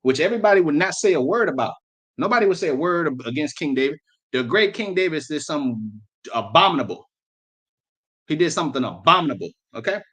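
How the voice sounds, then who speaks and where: A man's voice: fairly high pitch, expressive, fast, fairly bright tone. A man preaching, who reads old-style scripture and then explains it in blunt street slang, often repeating words. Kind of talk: sermon with scripture reading.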